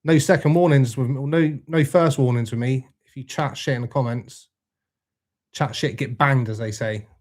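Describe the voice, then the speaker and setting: Speaking at a moderate pace in a medium-pitched voice, a young man runs a casual livestream. He reads the chat, says hello to viewers by name, and stays laid-back while swearing freely.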